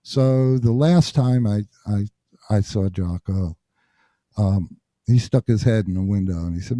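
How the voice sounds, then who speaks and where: Dark mellow guy from jersey spinning stories, doing everyone's lines. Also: fairly low pitch, measured pace, no echo, clean studio sound. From New Jersey. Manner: animated storyteller acting out quotes. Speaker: guest bassist. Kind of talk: storytelling interview.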